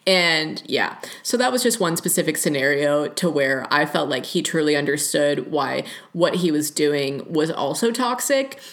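A woman's voice: low voice, expressive, moderate pace, hardly any pauses. A young woman hosting a casual solo podcast, talking candidly, laughing often and swearing freely. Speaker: podcast host. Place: lives in rural Oregon.

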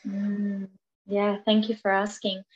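A woman from England, a podcast guest, talking things through in halting bursts with repeated words. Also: mid-range voice, monotone, slightly rough, muffled recording. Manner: halting, repeats words, acts out quoted lines. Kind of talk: reflective conversational interview.

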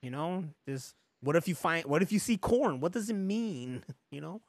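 A man's voice: a little high, lively intonation, moderate pace, no room sound, clean studio sound. A man hosting a podcast in loose casual chat, rambling, laughing often and swearing freely. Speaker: podcast host.

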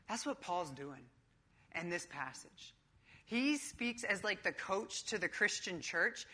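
Woman preaching, punchy coach-style delivery, bright tone. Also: mid-range voice, animated, moderate pace. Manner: emphatic, coach-like preaching with casual asides. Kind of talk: sermon.

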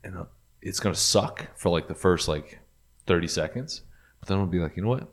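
A man's voice: low-pitched, normal speed. A man co-hosting a podcast, laid-back and profane in casual chat, often repeating words. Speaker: podcast co-host.

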